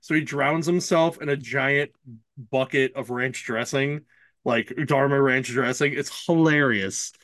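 Man, casual podcast chat, rambling storyteller, dry close sound, middle pitch. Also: unhurried, no echo. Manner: rambling storyteller, animated quoted voices. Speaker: podcast co-host.

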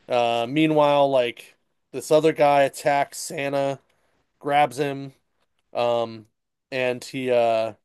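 A man casually retelling a comic book story on a podcast, rambling and slipping into quick character asides. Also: medium pitch, a little mellow, clean tone, dry recording, clean studio sound. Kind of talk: casual chat.

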